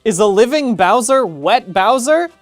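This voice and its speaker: A man hosting comedic scripted video commentary, energetic and absurdist, his voice leaping suddenly in pitch and loudness. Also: a little slow, soft background music. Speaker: video essay host.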